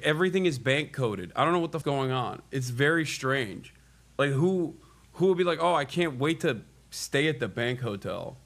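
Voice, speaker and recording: A man's voice: mid-range voice, a bit bright. A tired man streaming live from a hotel room, chatting casually and rambling with joking banter. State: tired from little sleep. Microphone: streaming mic.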